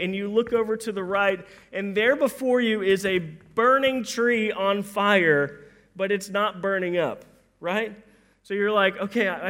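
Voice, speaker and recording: A man preaching a sermon in a conversational, animated way, acting out the quotes and often repeating words as he starts. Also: high voice.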